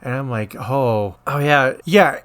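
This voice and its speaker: A middle-aged man, a podcast co-host and former nurse, telling a work story in casual chat, rambling with restarts and animated quoting. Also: medium pitch, slow pace, smooth.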